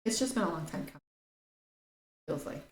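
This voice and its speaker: A woman's voice: deep voice, lively intonation, fairly quick. Blunt, chatty woman psychic on stream. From Irish heritage. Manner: blunt, chatty, swears casually, reads out viewer comments. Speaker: psychic doing live tarot readings. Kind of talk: casual live-stream reading. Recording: echoey room with faint noise.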